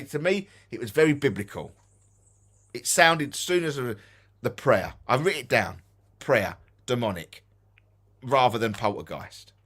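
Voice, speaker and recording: A man with an Essex accent, co-hosting a casual live-stream chat about ghost hunting, arguing his point and swearing casually. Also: medium pitch. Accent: Essex English. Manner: animated, argumentative, swears casually. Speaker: ghost hunting show co-host.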